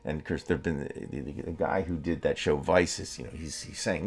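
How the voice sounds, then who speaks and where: A man co-hosting a political talk show, speaking in a heated, halting way with many restarts and curses. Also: rumbling low, fairly even intonation, husky. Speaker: podcast co-host.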